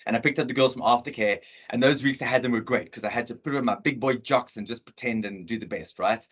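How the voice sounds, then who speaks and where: A middle-aged South African man with an earnest, animated manner, telling a personal story in a talk over a video call. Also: mid-range voice, fast, husky, highs cut off. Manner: earnest, animated storyteller who acts out dialogue. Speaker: motivational speaker.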